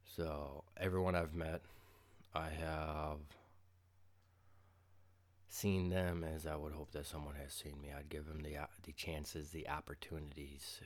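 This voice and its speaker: Deep-voiced man venting with profanity. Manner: profane, emphatic, sarcastic ranting; quiet and low at first, growing loud and heated. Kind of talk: casual monologue venting.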